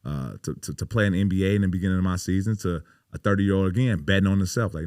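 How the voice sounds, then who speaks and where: Racing along with few pauses, a low-voiced, slightly mellow man tells casual interview stories as a podcast guest. He's a pro basketball player in his thirties who swears a lot, speaks emphatically and says "you know" often. The recording is dry and studio quality.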